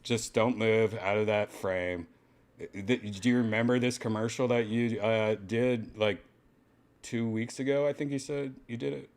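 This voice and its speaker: A man's voice: on the low side, fairly even intonation, measured pace. A man hosting a podcast, giving casual, exasperated reaction commentary and swearing often. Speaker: podcast host.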